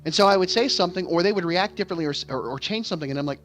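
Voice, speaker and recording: A man's voice: sits high, very fast, a bit bright. A man who acts on stage, talking candidly in a rambling way, often repeating words and restarting. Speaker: vlogger and stage actor. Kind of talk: candid casual monologue. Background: game music playing.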